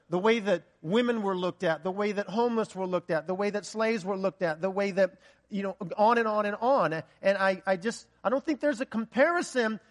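A man preaching a sermon with passion, rising to loud peaks and sinking to a hushed, earnest tone. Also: sits high.

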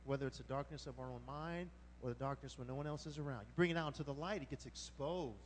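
A man preaching a sermon as pastor, animated and colloquial, with sudden exclamations. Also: mid-range voice, fast talker, in a large hall, slight background noise.

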